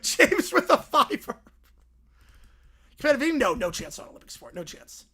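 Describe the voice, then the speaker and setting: High, lively woman streamer. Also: normal speed. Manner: bursts into laughter and loud exclamations. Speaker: livestream host. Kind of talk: casual livestream chat reading donations.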